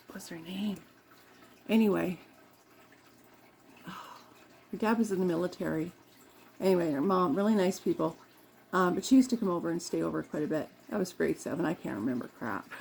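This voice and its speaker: A woman's voice: fairly low pitch, creaky. A woman vlogger chatting casually and rambling, with frequent laughs and self-corrections, while doing her makeup.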